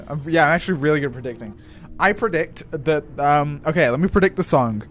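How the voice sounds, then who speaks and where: A man streaming a game, chatting excitedly and swearing as he reacts. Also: fairly high pitch, fairly quick, a little hiss or hum. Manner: excitable, swearing, laughing often. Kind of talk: casual live-stream commentary.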